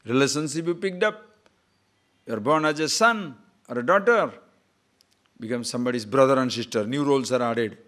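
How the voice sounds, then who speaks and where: An older man delivers a spiritual discourse in a voice of middle pitch. He talks in an animated way, full of rhetorical questions and small chuckles. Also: moderate pace, pauses often. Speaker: spiritual teacher.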